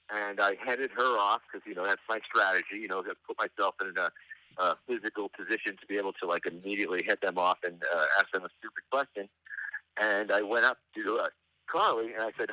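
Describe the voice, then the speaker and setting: A middle-aged man, a guest on an interview show, telling anecdotes in a meandering, halting way with dry, wry humor. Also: lowish voice, bright, forceful tone, dry recording, poor audio. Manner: meandering, halting delivery with frequent hesitations. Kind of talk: casual anecdotal storytelling.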